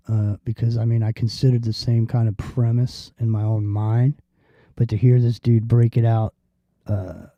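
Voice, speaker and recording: A man's voice: lowish voice, warm tone, dry recording. A man hosting a casual talk show, rambling and swearing freely, with lots of fillers and restarts. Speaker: podcast host. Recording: dull lo-fi sound.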